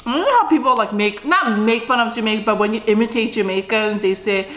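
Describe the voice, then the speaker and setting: This middle-aged woman runs a mukbang vlog, chatting casually as she eats on camera and humming "mm" often between bites. She speaks quickly in a high, fairly bright voice, and the room gives off a noticeable echo.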